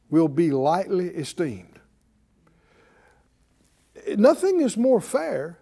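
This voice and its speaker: A man's voice: sits high, warm tone. A man teaching a Bible study, emphatic and full of rhetorical questions to his listeners.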